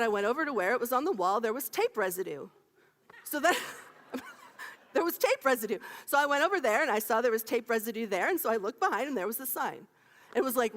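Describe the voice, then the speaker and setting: Playful woman minister, high lively voice. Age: 50s. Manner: playful, laughs often, chats with the congregation. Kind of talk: lively sermon. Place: church sanctuary. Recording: long hall reverb.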